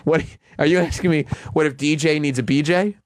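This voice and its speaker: A man's voice: a little high, steady tone, a little fast, dry recording, clean studio sound. A man chatting casually on a radio show, joking, laughing often and acting out quoted lines. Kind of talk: casual studio banter.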